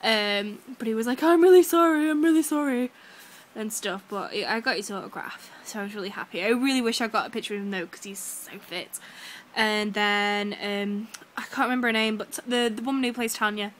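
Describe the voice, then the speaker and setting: A young woman, gushing excitedly to camera in a casual vlog, full of fillers. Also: mid-range voice, fairly quick, a little hiss or hum. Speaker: vlogger.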